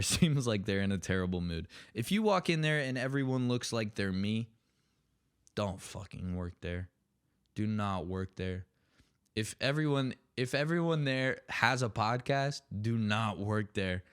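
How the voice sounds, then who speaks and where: A man's voice: on the low side, smooth. A young man hosting a solo comedy podcast, ranting sarcastically with plenty of swearing. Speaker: podcast host.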